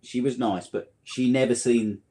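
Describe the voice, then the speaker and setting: A man's voice: mid-range voice, steady tone, moderate pace, dark tone, husky. Agreeable man chiming in at the pub. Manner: agreeable, backs others up, brief interjections. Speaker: guest. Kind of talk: casual pub chat.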